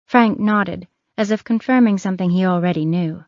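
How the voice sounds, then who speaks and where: A woman reading an audiobook thriller in a measured, even scripted narration. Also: mid-range voice, no echo. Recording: dry, muffled.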